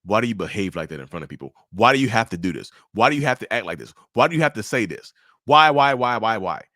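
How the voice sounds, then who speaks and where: A man voicing a controlling partner scolding in a low, hushed voice. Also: sing-song, quick pace, dry recording, clean studio sound.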